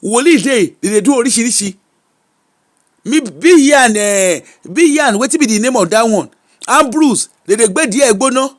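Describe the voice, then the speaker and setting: On her own show, a Nigerian woman gives laid-back commentary on celebrity gossip at a moderate pace, her pitch fairly high. She is unscripted and exclamatory, tossing in Pidgin and Yoruba remarks as things strike her.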